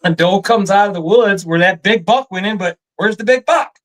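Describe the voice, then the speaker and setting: A man with a Michigan accent telling a hunting story in a relaxed chat, animated and laughing often. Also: high voice, moderate pace, rough recording. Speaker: guest storyteller. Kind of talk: casual storytelling.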